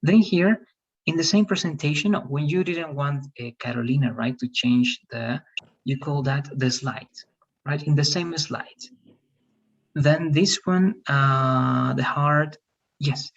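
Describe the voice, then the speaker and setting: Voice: mid-range voice, highs cut off. Patient teacher giving pronunciation feedback. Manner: patient, repeats words slowly for the student. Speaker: English teacher. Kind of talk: giving feedback in an online English class.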